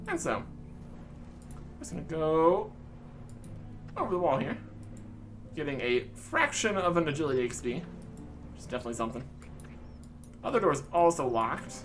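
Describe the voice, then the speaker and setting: A man's voice: fairly high pitch, sing-song, normal speed, pauses often, fairly bright tone, faint music behind. Playful gaming commentator man. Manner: playful and jokey. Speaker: gaming YouTuber. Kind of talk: casual gameplay commentary.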